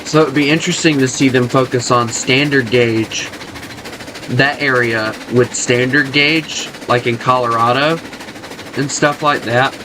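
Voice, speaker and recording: A man's voice: mid-range voice, fairly even intonation, unhurried, noisy background. A man with a Southern US accent, chatting loosely and rambling at home while he plays a video game. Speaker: gaming channel host. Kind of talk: casual gameplay chat.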